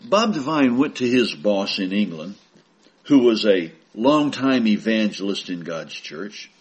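A man preaching a sermon, reading scripture aloud and explaining it with slow, emphatic delivery that rises on the quoted verses. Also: lowish voice, animated, breathy edge.

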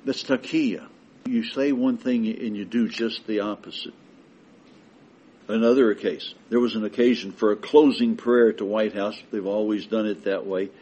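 A man preaching a sermon with emphatic delivery that builds to forceful declarations. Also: lowish voice, steady tone, normal speed, slightly rough, lo-fi sound.

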